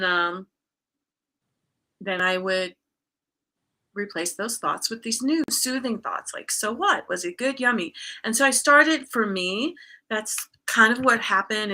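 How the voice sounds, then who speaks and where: A woman's voice: mid-range voice, pushed and bright. A woman guest speaking as a coach in a casual conversation, candidly telling a personal story with plenty of fillers and restarts.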